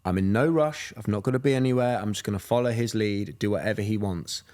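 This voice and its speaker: A man's voice: on the low side, quick pace, darkish tone. A man in his thirties, a podcast co-host, chatting casually and telling a story with frequent laughs. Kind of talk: casual chat.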